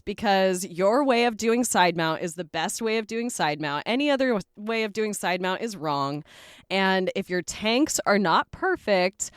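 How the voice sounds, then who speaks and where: A woman's voice: lowish voice, clear, resonant tone, no room sound, clean studio sound. Candid woman hosting a round-table chat. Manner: candid, self-mocking, animated. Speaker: podcast host.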